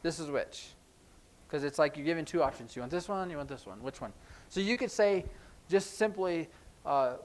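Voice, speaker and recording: A man teaching a sign language class in a church classroom, explaining in a relaxed, conversational way with frequent ums. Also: on the high side, normal speed. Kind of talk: classroom lesson.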